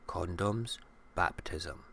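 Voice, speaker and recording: A man's voice: low-pitched, drawn-out words, creaky, pushed and bright, slight background noise. A middle-aged Scottish man hosting a casual morning show, irreverent and jokey, ranting with swearing. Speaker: radio show host.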